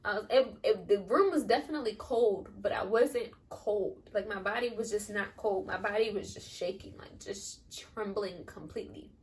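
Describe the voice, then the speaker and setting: Speaking at a moderate pace with a medium pitch and hardly any pauses, a young new-mom vlogger casually rambles through a personal story, leaning on "like" throughout. The mic picks her up from a distance.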